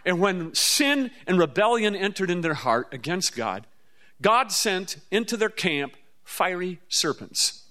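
Preacher, male, from the Midwest, a touch higher voice than most, folksy storyteller who leaps up in pitch for effect. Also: a little slow. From Midwestern US, near the Mississippi River. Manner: folksy, animated storytelling with sudden high-pitched bursts. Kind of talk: storytelling sermon.

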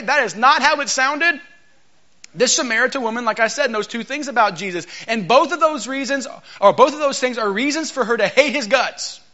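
A male guest preacher giving a lively Pentecostal sermon in a church, joking and calling for the congregation's response, in a dull lo-fi recording. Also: high voice. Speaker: guest preacher, Bible college teacher.

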